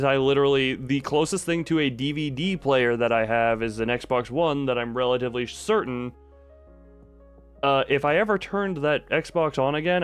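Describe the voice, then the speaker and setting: A man's voice: medium pitch, clean tone. A man chatting casually on a stream, rambling and self-deprecating, into a desk microphone at home. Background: soft background music.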